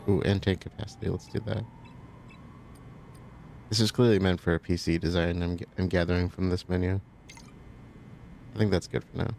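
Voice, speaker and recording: A man narrates his gameplay in a low, gravelly voice with a touch of vocal fry. He chats loosely and thinks out loud as he works through menus, in a relaxed, unhurried way. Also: a little hiss or hum. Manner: relaxed, thinking aloud, chatty asides. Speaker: let's play host. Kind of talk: casual gameplay commentary.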